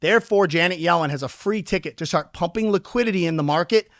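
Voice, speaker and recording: High-voiced man explaining energetically. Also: no echo, studio quality. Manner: energetic, explains with homely analogies, acts out quick quoted voices. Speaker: crypto investor guest. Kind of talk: casual podcast interview.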